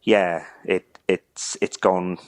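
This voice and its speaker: Brief: low-voiced man, emotional interviewee, stammers and chokes up, dry close sound. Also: flat delivery, smooth, no echo, rough recording. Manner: halting, repeats words, chokes up. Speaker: interviewee, neighbour telling a story.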